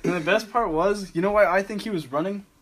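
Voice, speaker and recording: Young dude telling a story, swears a lot, laughs a lot, kinda high voice, some faint noise. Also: male voice, fast talker. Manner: laid-back storytelling, swearing, laughing often. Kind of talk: casual chat.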